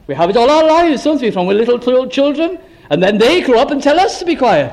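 A man preaching an evangelistic sermon in a notably high voice. He leans hard on rhetorical questions and swings dramatically from lifted, bright phrases down to low, hushed ones. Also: very animated, fast talker. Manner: emphatic, full of rhetorical questions, swooping between high and low.

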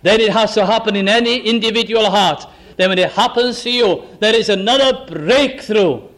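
A man preaching a sermon with fervour, asking the listeners question after question and slowing right down to stress key phrases. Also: sits high, fairly bright tone. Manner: fervent, asks the listeners many rhetorical questions.

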